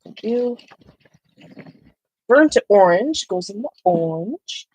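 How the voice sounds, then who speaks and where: Playful woman, husky voice. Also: mid-range voice, lively intonation, takes it slowly, a little mellow, no room sound, poor audio. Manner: playful, reads viewer comments aloud. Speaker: coloring channel host. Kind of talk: casual chat while sorting pencils.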